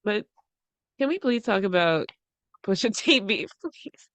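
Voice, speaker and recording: A woman's voice: mid-range voice, expressive, a little slow, fairly bright tone, no echo. A woman co-hosting a podcast in casual chat, gossiping bluntly with frequent cursing and laughing through her sentences. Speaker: podcast co-host.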